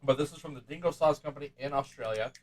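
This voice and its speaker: A man's voice: mid-range voice, fast, a crowd in the background. A man hosting a casual podcast, groaning and exclaiming as he talks. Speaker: podcast host. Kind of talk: casual chat.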